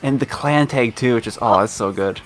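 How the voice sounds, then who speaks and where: A man's voice: mid-range voice, a little fast, soft background music. A young man co-commentating a live esports tournament, easygoing and enthusiastic, laughing along with his partner.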